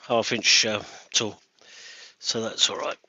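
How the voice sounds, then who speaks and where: A man's voice: fairly low pitch, flat delivery, slow pace, sharp tone, muffled recording. A man working as a woodturner on a live stream, chatting casually and thinking aloud with stammering restarts as he works in his workshop.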